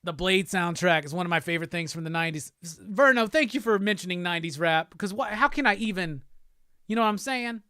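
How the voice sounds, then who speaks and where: Excited man rapping along, dry close mic. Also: high-pitched, quick pace, clear, resonant tone, dry recording. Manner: excited, rapping along to nineties songs, swearing. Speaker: host. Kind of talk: casual live-stream chat.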